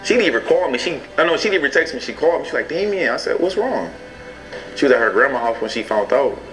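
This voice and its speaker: A young adult man retelling personal events in a relaxed way for a documentary interview. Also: mid-range voice, quick pace, soft background music, rough recording. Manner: relaxed retelling, quoting others.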